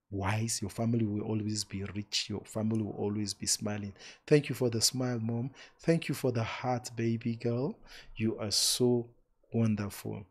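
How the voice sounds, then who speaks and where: Fairly low and slightly rough, this man's voice carries a live-streamed talk on relationships. He addresses online viewers warmly and emphatically, repeats words for emphasis, and ends with blessings in a preacher's style.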